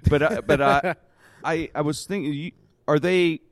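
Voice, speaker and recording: A male podcast host in casual interview chat, reacting often and thinking out loud. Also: a little high, steady tone, moderate pace, no room sound.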